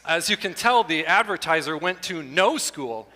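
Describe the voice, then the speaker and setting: A middle-aged man doing stand-up comedy with slides at a church show, animated and breaking into loud exclamations. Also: on the high side, normal speed. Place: church hall before an audience. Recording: long hall reverb.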